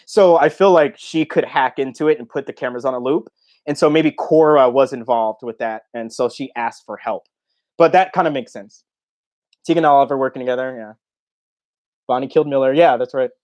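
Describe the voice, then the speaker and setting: A man's voice: mid-range voice, a little fast, darkish tone. A young man hosting a casual livestream Q&A, chatting loosely, reading viewer comments aloud and laughing often. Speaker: YouTube host.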